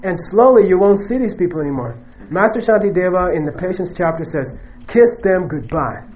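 A man's voice: sits high, lively intonation, fairly quick, darkish tone, a little hiss or hum, rough recording. A man giving a Buddhist teaching to a live audience, conversational and joking, who often stops to check in with "okay?" and "you know". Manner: joking, emphatic asides.

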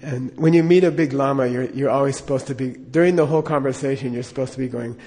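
A man's voice: medium pitch, steady tone, fast, dark tone, in a large hall. A middle-aged man telling a personal anecdote in a rambling way, with lots of fillers and chuckles. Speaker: storyteller.

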